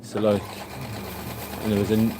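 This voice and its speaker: A man's voice: lowish voice, monotone, measured pace, background noise. A man, a tailor and shirtmaker, chatting casually and telling a rambling story with many fillers. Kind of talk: casual chat.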